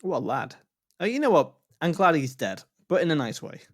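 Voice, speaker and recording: A man co-hosts a comedy podcast, rambling and joking as he goes. His pitch swings widely, and the recording is dry and close. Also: very animated, fairly quick, dry recording. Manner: playful, rambling, jokey. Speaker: podcast co-host. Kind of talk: comedic casual chat.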